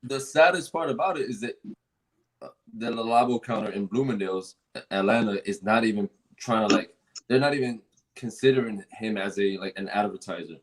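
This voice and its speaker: A man with a somewhat low voice recounts a story in casual conversation. He rambles, stacks up fillers and false starts, and swears freely. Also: fairly quick, rough recording. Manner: rambling, lots of fillers and restarts. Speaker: fragrance store worker.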